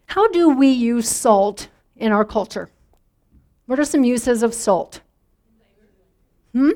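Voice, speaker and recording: A woman's voice: on the high side, lively intonation, slow pace, mellow. A middle-aged woman pastor preaching a sermon in a conversational way, drawing answers from the congregation. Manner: conversational, inviting congregation responses.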